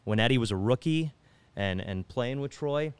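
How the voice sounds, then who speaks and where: A man guesting on a sports podcast, telling stories in a lively, casual way. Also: medium pitch, moderate pace, smooth, dry recording. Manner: animated storyteller. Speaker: radio guest. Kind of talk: casual storytelling.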